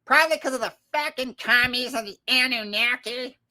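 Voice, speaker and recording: Brash, foul-mouthed middle-aged woman, high and sharp, defiant rant, done by a man. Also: moderate pace, heavily acted. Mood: mocking. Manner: crude, swearing, defiant. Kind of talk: comic impression on a livestream.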